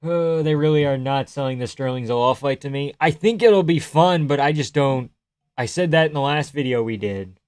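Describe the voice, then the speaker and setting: Answering his chat in a loose, rambling way, a male streamer swears and laughs freely. He speaks at a normal speed in an ordinary mid-range voice that is a little mellow and clean, recorded close and dry without any echo.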